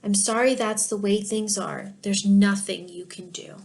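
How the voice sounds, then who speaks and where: A woman's voice: mid-range voice, steady tone, unhurried, noisy background, natural voice. A woman voicing a gloomy, cynical businessman who speaks bitterly and dismissively.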